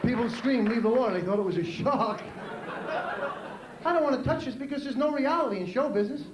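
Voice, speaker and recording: A man with a New York accent performing a stand-up comedy routine on a club stage, delivering jokes punchily and shouting out his character bits. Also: very high-pitched, lively intonation, fairly quick. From New York City. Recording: echoey club with crowd noise.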